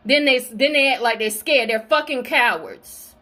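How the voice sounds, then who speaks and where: A woman with a high voice delivers a fiery, profane spiritual rant. She is confrontational throughout and swears freely. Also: normal speed, a bit bright. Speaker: spiritual video creator.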